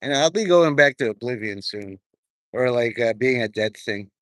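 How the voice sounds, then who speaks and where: A man's voice: medium pitch, lively intonation, normal speed, fairly bright tone, no room sound. Rambling, profane man talking to camera. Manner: profane, stream-of-consciousness, drifting between topics. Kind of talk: rambling monologue to viewers.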